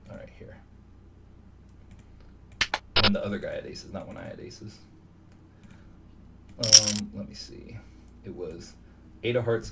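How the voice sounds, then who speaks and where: A man's voice: sits low, gravelly. A man giving live commentary on his own online poker session, thinking aloud and muttering to himself at his computer. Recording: distant mic with steady background noise.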